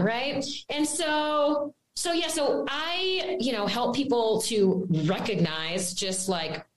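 A woman who teaches mindfulness and breathwork, an interview guest explaining a framework in an animated way, tagging her points with "right?". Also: fairly high pitch, measured pace, few pauses, echoey room, slight background noise, poor audio. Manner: animated, frequent tag questions and fillers.

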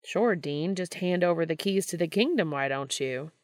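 A woman's voice: on the low side, lively intonation, moderate pace, a little mellow, no room sound, studio quality, close to an everyday voice. A woman voicing a brash, joking male game show host in a fan story reading. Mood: teasing showman. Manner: teasing, showy.

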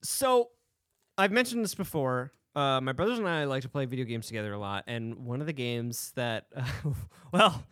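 A man co-hosts a relaxed podcast conversation, telling stories with animation and laughing often. His mid-range voice is clear and resonant at a moderate pace, recorded in a clean studio with no room sound.

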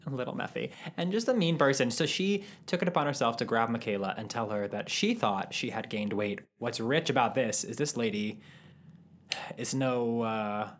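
A man's voice: mid-range voice, moderate pace. Man telling a rambling story. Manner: rambling, with many ums. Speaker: podcast co-host. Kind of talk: casual storytelling.

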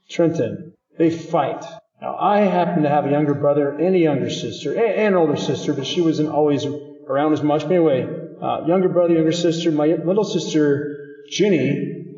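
A man's voice: on the high side, dark tone. A man, a priest, giving a chatty homily to children and quizzing them by name. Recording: dull distant recording in an echoey hall.

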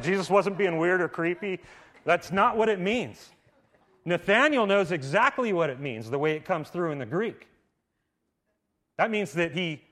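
A man preaching a sermon in a casual, conversational way, filling his talk with "like" and swinging from loud emphatic bursts to hushed lines. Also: fairly high pitch. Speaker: pastor. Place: church service.

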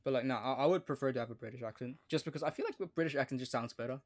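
A man's voice: medium pitch, very fast. A young man with an Australian accent co-hosting a podcast, chatting casually with frequent hesitations. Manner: hesitant, many fillers and restarts. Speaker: podcast co-host. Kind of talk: casual chat.

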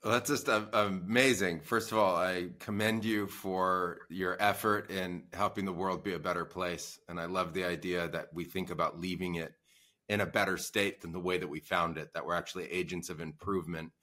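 A man hosting a podcast interview, asking measured questions and offering praise. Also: deep voice, steady tone, bright, forceful tone. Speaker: podcast host.

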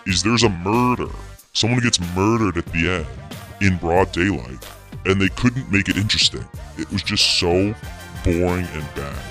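A man's voice: low voice, normal speed, fairly bright tone, faint music behind. A man co-hosting a casual podcast chat, delivering blunt, emphatic opinions. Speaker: podcast co-host.

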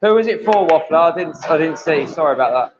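A man's voice: a little high, animated, fast talker, background noise. A man helping with a livestream, reading out donations and comments and apologizing for missing them. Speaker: stream helper reading donations. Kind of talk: casual side remarks. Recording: dull lo-fi livestream audio.

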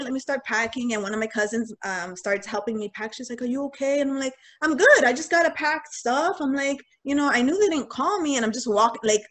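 A young woman telling a personal story in casual talk, candid and animated, acting out what people said. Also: on the high side. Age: young adult. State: getting choked up. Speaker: guest sharing a personal story.

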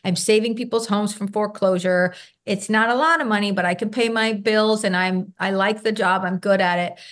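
A middle-aged woman speaking as an interview guest, her voice sitting at an ordinary middle pitch. She talks earnestly and conversationally, relives past conversations by acting out what people said, and keeps tossing in little tag questions to make sure the listener follows. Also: steady tone, moderate pace. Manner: acts out remembered dialogue. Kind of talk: conversational personal storytelling.

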